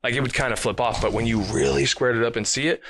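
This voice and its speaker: A man who plays professional baseball, telling stories in a casual, animated way with lots of fillers. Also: mid-range voice, fast talker, creaky, slight background noise. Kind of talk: casual interview storytelling.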